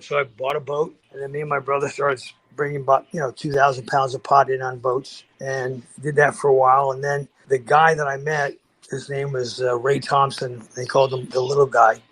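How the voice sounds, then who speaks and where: A man's voice: mid-range voice, low-quality recording. Older man telling a rambling story. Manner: rambling, animated storytelling with acted-out quotes; frequent restarts and fillers. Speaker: podcast guest. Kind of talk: casual storytelling.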